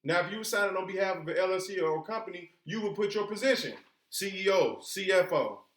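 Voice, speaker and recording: A man's voice: high voice, lively intonation, fast, a bit bright. A man giving an informal lesson, emphatic and colloquial, posing rhetorical questions and then answering them himself. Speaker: instructor. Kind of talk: informal teaching talk. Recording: echoey room.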